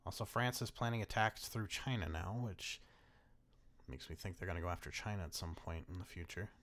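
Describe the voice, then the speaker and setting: A man's voice: low voice, brisk, a bit bright. A young man giving casual strategy-game commentary, laughing often and swearing freely. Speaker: gaming commentator.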